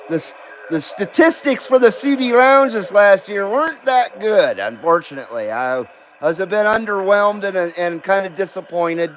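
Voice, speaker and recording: A man from the US West Coast with a rather high voice hosts a relaxed live stream. He talks slowly, rambles and jokes at his own expense. Faint noise sits under his voice. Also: low-quality recording. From West Coast of the United States. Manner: rambling, self-deprecating, laughs often, reads viewer comments aloud. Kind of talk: casual live-stream chat.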